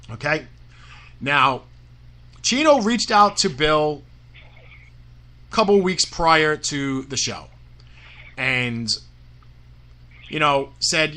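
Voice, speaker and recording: Angry, high-voiced promoter ranting. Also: male voice, sharp tone. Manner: angry, profane rant with many "you know" fillers and stammered restarts. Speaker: wrestling promoter. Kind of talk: heated guest story on a radio show.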